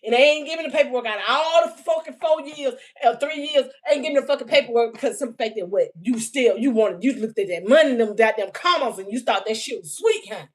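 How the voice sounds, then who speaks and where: A woman's voice: on the high side, lively intonation. Heated, profane woman reading a livestream message. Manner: profane, heated and mocking, often laughing; reads out messages slowly, word by word. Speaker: livestream spiritual reader. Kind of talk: unscripted livestream reading and rant.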